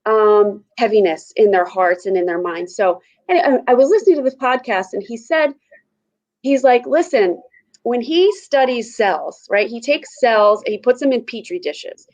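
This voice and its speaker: A woman with a slightly high voice speaks earnestly, thinking aloud with many fillers as she reflects on fear and anger. The recording has a dull, muffled tone. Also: normal speed, darkish tone. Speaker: panel guest. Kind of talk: casual reflective chat.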